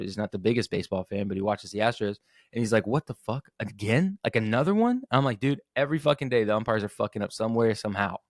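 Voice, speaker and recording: A man's voice: on the low side, dry recording, studio quality. A young man hosting a podcast, ranting casually and profanely with lots of restarts and self-corrections. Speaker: podcast host. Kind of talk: casual rant.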